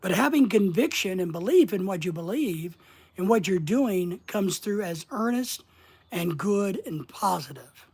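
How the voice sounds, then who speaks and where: A middle-aged man coaching about social media in a folksy, deliberate way, asking his listeners question after question and pausing often. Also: high voice, lively intonation, a little mellow, husky. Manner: folksy, asks the audience rhetorical questions, slow deliberate pauses. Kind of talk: motivational instructional monologue.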